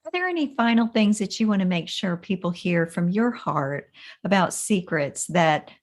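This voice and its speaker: A woman's voice: lowish voice, expressive, moderate pace. A woman hosting an interview podcast, asking earnest, appreciative questions. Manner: earnest, appreciative, faith-focused. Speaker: podcast host.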